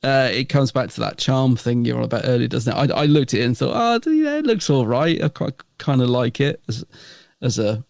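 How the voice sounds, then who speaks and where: A man's voice: medium pitch, steady tone, a little fast, gravelly, few pauses, darkish tone, dry recording, studio quality. A man co-hosting a podcast, chatting in a rambling way and chuckling often. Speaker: podcast co-host. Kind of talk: casual review chat.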